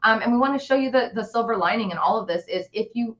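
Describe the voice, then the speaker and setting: Fast-talking, blunt woman host. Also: fairly high pitch, fairly bright tone, lo-fi sound. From Las Vegas area. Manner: chatty, blunt, jokey, reads viewer questions. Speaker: real estate agent, show host. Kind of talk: casual live-stream chat.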